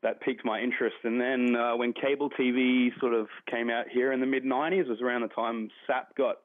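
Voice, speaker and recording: A man with an Australian accent calls in over a tinny, narrow phone line. He rambles easily and sounds relaxed. The sound is dry. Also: medium pitch, brisk, no room sound. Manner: relaxed, rambling fan talk. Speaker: caller. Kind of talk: phone call-in chat.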